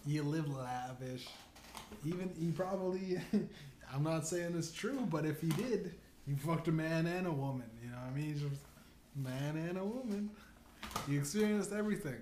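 A man's voice: fairly high pitch, animated, normal speed, darkish tone. Rambling, profane comedy podcast man. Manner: rambling, profane, laughing at own jokes. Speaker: podcast host. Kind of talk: stand-up style comedy monologue. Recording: echoey room, faint noise.

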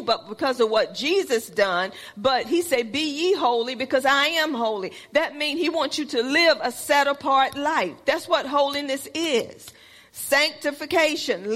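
A woman's voice: high-pitched, a bit bright. Lady preaching a sermon, talks real plain and earnest, lotta echo in the room.

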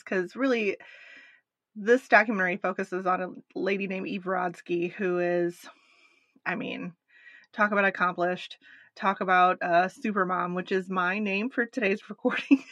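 A woman co-hosting a podcast, recapping a documentary in casual chat with animated asides. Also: medium pitch, measured pace, dry recording. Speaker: podcast co-host.

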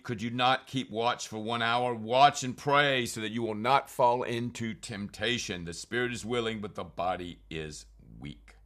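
A man's voice: lowish voice, a bit bright. A man teaching from scripture, reading verses aloud and then explaining them in plain, conversational terms. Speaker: preacher.

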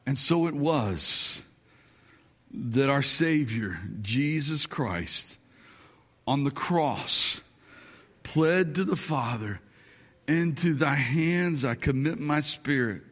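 Stern measured professor played by a preacher, higher male voice, long hall reverb. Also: a bit bright. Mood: solemn.

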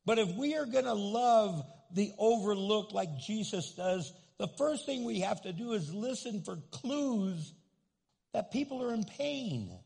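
A pastor preaches with a high, lively, slightly slow voice that is creaky, a bit mellow, and husky, and a long hall reverb trails his words. He tells humorous stories, acts out quoted voices, and moves from joking to pleading in a repeated, urgent appeal.

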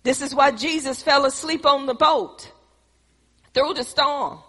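A woman's voice: high-pitched, a little slow, sharp tone. A woman preaching a sermon, emphatic and repetitive, calling out to her congregation. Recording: reverberant hall.

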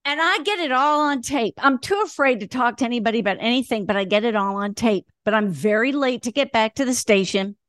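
A middle-aged woman from Indiana, a radio broadcaster, telling an animated, self-mocking story in an interview with bursts of laughter. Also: on the high side, fairly quick, hardly any pauses, no echo, studio quality. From Indiana, USA.

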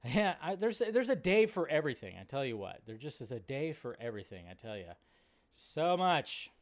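A man's voice: medium pitch, very animated, moderate pace. A man hosting a casual livestream, chatting and greeting viewers by name and laughing easily. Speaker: livestream host. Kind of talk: casual live chat reading viewer comments.

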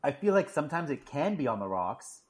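A man co-hosting a casual podcast, talking haltingly with many restarts. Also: on the high side, very animated. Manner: halting, repeats words, self-deprecating. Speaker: podcast co-host. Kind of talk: casual chat.

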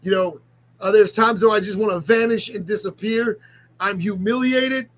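Middle-aged ministry leader, confessional vlog, halting and near tears, speaks high. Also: male voice, steady tone, poor audio. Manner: halting, repeats himself, restarts sentences. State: on the verge of tears.

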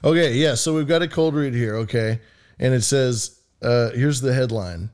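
A man's voice: medium pitch, normal speed, darkish tone. Man host, jokey and profane. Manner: jokey, swears freely, laughs often. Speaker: podcast host. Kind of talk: casual chat, reading news aloud.

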